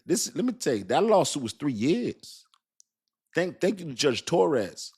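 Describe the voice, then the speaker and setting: A man's voice: fairly high pitch, sing-song, unhurried, darkish tone, breathy edge. A man streaming casual, emphatic commentary to his viewers, repeating himself and asking them questions. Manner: emphatic, repetitive, talks straight to viewers with "y'all" and "you understand"; laughs and jokes about his own accent. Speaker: crypto streamer. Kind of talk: casual hype commentary to a live chat.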